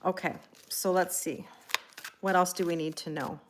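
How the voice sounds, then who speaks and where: A woman's voice: on the low side, steady tone, moderate pace, a little hiss or hum. A woman doing a live-stream tarot reading, talking casually and rambling, greeting viewers by name with lots of fillers and self-corrections. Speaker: tarot reader.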